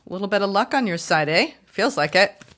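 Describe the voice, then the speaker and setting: A woman reading tarot for her viewers, chatty and upbeat, often gushing with excitement. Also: mid-range voice, fast. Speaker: tarot reader.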